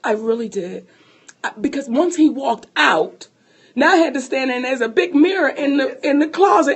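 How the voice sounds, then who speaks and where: A woman co-hosting a podcast, telling a personal story in an animated, profane way and laughing often. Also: high-pitched, brisk. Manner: speaks to listeners as sisters. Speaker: podcast co-host.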